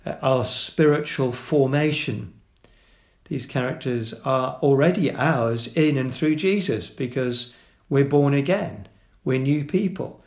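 A pastor delivers a sermon in an earnest, steady voice of middle pitch. He pauses often with fillers and restarts while listing his points. The sound carries the reverberation of a roomy hall.

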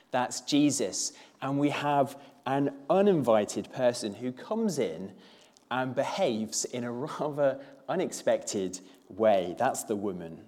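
A man's voice: mid-range voice, a little mellow. Male preacher, conversational church sermon, mid-range voice. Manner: conversational, with filler words and a few playful put-on voices.

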